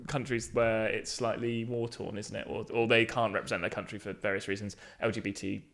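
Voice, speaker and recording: A man, a comedian and podcast co-host, chatting casually and teasing his co-host with quick jokes. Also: lowish voice, flat delivery, vocal fry, fairly bright tone. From England. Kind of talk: casual chat.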